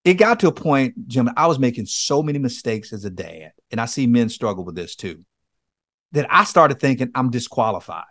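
A man's voice: medium pitch, sing-song, normal speed, fairly bright tone, dry recording, clean studio sound. A man speaking as a guest, earnestly telling a personal story and acting out his own pleas. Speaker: podcast guest, men's coach. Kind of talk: conversational testimony.

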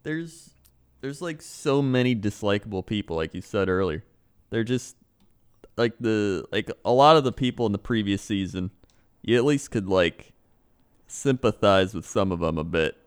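Low smooth-voiced man, laid-back. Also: animated, moderate pace. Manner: laid-back, short agreeing replies. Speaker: podcast co-host. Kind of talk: casual chat.

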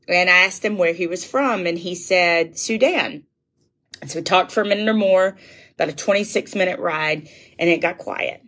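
A woman's voice: fairly low pitch, normal speed, fairly bright tone. A woman who works as a public speaker, telling a rambling personal story in a chatty way and calling her listeners y'all. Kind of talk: casual storytelling.

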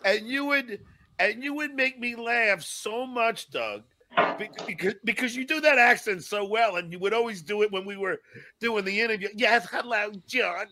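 A man who stutters, telling stories in a casual podcast chat with halting restarts. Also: high voice, sharp tone. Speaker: guest.

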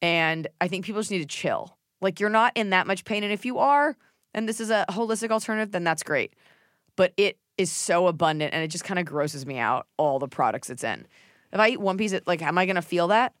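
A woman with a somewhat low voice holds forth as a podcast host, blunt and opinionated. She swears freely and slips into mocking voices to mimic people. The sound is dry and close to the mic. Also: animated, brisk, no room sound. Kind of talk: casual chat.

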